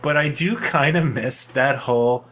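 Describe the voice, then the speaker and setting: Bright-voiced middle-aged man. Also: mid-range voice, measured pace. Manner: animated anecdotes, laughs while talking. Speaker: podcast co-host. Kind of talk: casual nostalgic chat.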